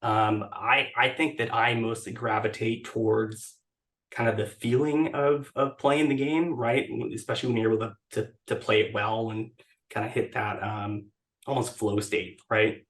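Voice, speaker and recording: A man with a fairly low voice talks as a podcast guest over a video call. He hesitates often, repeating words and filling gaps with ums as he explains himself. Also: flat delivery, normal speed, a bit bright. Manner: hesitant, many restarts and fillers. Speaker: podcast guest, blog editor. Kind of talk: casual interview talk.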